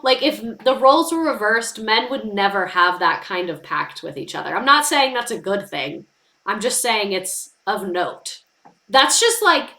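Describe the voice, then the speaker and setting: A young woman hosts a live stream about history. She talks in a loose, heartfelt way, full of "like" fillers. Her voice is bright and ringing, and the room adds a clear echo. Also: a little high. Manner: chatty, emotional, many "like" fillers. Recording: roomy echo.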